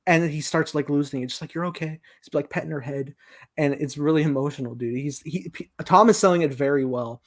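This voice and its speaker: A man's voice: a little high, fairly quick. A young man co-hosting a casual film review podcast, animatedly retelling scenes and acting out quoted lines. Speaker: podcast co-host.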